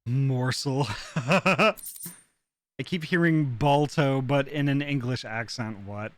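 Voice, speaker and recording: Brief: giggly man casually commentating his game stream, unhurried. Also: medium pitch, a little hiss or hum. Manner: playful, giggly, mild swearing. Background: faint game music.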